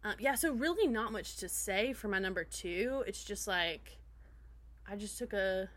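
A woman's voice: medium pitch, expressive, a little slow, a bit bright. A young adult woman co-hosting a podcast, chatting casually with lots of laughter and filler words. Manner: laughs a lot, many fillers. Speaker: podcast co-host. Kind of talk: casual chat.

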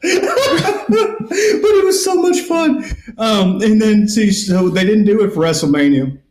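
A man with a fairly high voice tells a rambling, animated story, and he acts out every quote as he goes. His language is loose and full of swearing. The room sounds echoey. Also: takes it slowly. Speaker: podcast host. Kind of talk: casual storytelling chat.

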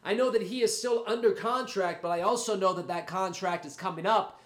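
Man, podcast host, has a cold, rambling and hyped, swears freely, high voice, roomy echo. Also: a little fast, fairly bright tone. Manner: rambling, hyped, salty and profane. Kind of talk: casual solo podcast talk.

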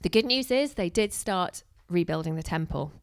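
A woman delivers a relaxed, conversational sermon. Her voice sits a little low and she talks in a lively, chatty way, slipping into little acted-out quotes and asides to her listeners. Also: normal speed, clear, resonant tone. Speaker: preacher. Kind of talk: casual sermon.

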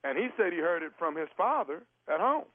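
A stern, formal child services caseworker, put on by a man on a prank call, who keeps calling the other man sir. His voice sits fairly high and comes through a tinny phone line with no room around it. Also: sing-song, a little fast, no echo. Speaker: prank caller.

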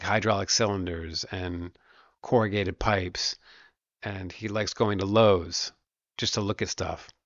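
A man in his thirties hosting a podcast, doing a casual solo rant that is animated and profane, now and then slipping into playful put-on voices. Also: fairly low pitch, gravelly, no echo, muffled recording. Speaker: podcast host.

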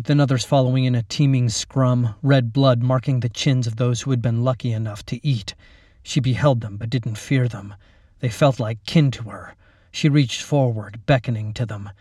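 Male narrator, mid pitch, dry studio read; steady, measured horror storytelling. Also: no room sound.

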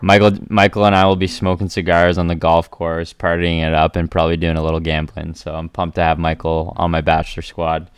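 A man's voice: sits low, level tone, brisk, hardly any pauses, smooth, no room sound. A young man co-hosting a sports podcast, cracking jokes and teasing his friends as he runs a draft. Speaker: podcast co-host. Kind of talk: casual sports podcast chat.

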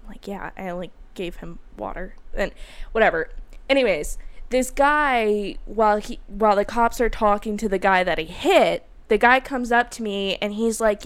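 A woman co-hosting a podcast, telling a story in casual chat with lots of swearing and animated delivery. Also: mid-range voice, normal speed. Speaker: podcast co-host.

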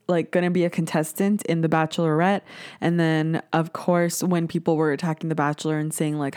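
A woman's voice: low voice, darkish tone, clean tone. A woman in her twenties hosting a casual solo podcast, chatty and sarcastic, laughing at herself often. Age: 20s. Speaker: podcast host.

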